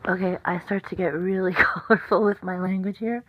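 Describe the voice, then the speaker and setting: Flat-voiced woman explaining, lo-fi. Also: fairly low pitch, normal speed, no echo. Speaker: vlogger. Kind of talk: explanatory voice-over. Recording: dull lo-fi audio.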